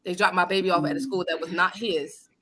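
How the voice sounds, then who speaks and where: A woman hosting a casual talk show, telling a story in an animated, emphatic and blunt way. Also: on the low side, fast, a crowd in the background. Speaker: host. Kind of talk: casual chat. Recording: live online radio show.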